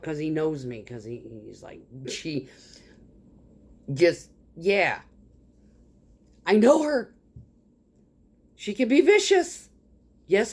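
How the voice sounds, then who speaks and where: A woman telling a work story as a casual rant, blunt and full of swearing, acting out the lines of the people she deals with. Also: mid-range voice. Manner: acts out others' lines in quoted dialogue. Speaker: concrete truck driver.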